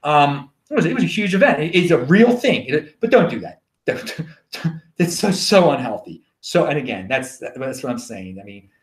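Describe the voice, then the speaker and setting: A man with a Baltimore accent rambles through his stories in a casual solo show. His fairly high voice swoops up and down a lot, and the room around him rings with echo. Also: moderate pace. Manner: rambling, animated storytelling. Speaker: show host. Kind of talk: casual monologue.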